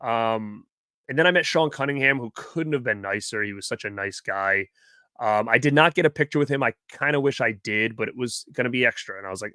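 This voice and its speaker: A man's voice: mid-range voice, brisk, sharp tone, no room sound, studio quality. A man hosting a live stream, casually telling a rambling story and quoting the people he met. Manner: rambling, chatty, quotes people in his stories. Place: home movie room.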